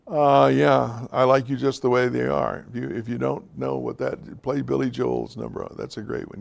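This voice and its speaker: A man's voice: mid-range voice, flat delivery, moderate pace, vocal fry, hardly any pauses. A man giving an informal, direct talk to a class of men, speaking to them plainly as guys and fellas. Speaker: teacher of a men's class.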